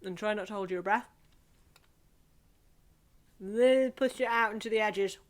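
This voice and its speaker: Guiding an online singing group through warm-ups for the voice and face, a Scottish woman stays cheerful and chatty and laughs at herself. Her voice is medium in pitch with a measured pace.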